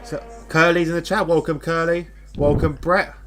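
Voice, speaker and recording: A young man doing live sim racing commentary, excitable and jokey, greeting chat viewers. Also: a little high, moderate pace, over music.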